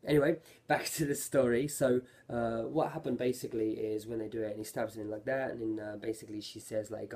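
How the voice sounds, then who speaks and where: A man's voice: medium pitch, steady tone, fairly quick, a little mellow, breathy edge. A man giving a casual, rambling review of an anime episode, often correcting himself mid-sentence. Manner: rambling, self-correcting, lots of fillers.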